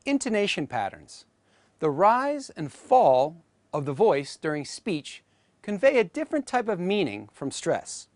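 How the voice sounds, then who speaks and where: A teacher giving a scripted educational narration, speaking carefully and deliberately and saying example sounds aloud as models. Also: mid-range voice, big pitch swings, no room sound.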